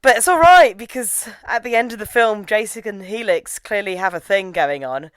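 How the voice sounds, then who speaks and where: A woman's voice: mid-range voice, expressive, normal speed, dry recording. A woman chatting casually about a film she reviews, giggling and slipping into mocking impressions. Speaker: podcast co-host reviewing a film. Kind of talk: casual chat.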